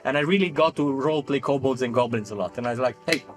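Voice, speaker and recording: Halting man chatting about his game character. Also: medium pitch, soft background music. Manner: halting, many restarts and laughs. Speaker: tabletop game player. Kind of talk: casual panel chat.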